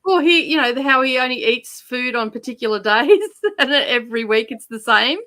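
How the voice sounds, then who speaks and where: A woman's voice: a little high, a little fast, sharp tone. A woman with an Australian accent co-hosting a live stream, chatting casually and laughing often. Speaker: livestream co-host.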